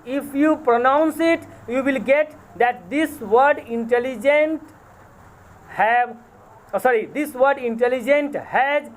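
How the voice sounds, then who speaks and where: A man with an Indian English accent lecturing as a college English teacher, spelling words out letter by letter, repeating them and correcting himself. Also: very high voice. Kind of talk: recorded lecture.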